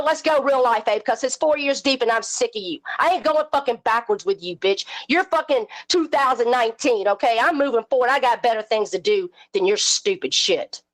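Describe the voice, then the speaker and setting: A woman's voice: sits high, lively intonation, moderate pace, few pauses. A middle-aged woman, hosting a live stream and delivering an angry, profane, taunting rant. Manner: confrontational, cursing, taunting.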